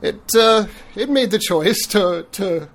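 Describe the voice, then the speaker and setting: A man co-hosting a podcast in casual chat, measured and dry, with deliberate delivery. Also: high-pitched, vocal fry. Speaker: podcast co-host.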